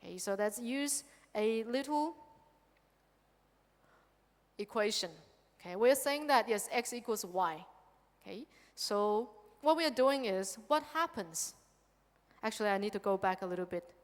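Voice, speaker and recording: A Buddhist nun giving a dharma lecture on a sutra, lively and engaging, often checking in with her listeners by asking "okay?". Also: mid-range voice, measured pace, long pauses. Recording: long hall reverb.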